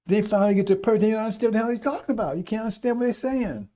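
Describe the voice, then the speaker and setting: Fiery, preachy man with high, dark voice. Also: racing. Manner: fiery, preachy, swears, mimics voices in asides. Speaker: radio talk host. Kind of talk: rambling radio monologue.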